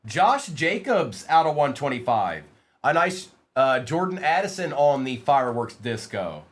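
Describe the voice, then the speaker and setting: A man's voice: mid-range voice, big pitch swings, a little slow. A man hosting a live card-break stream, reading out player names as he opens packs and teasing his chat in a playful way. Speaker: livestream card break host.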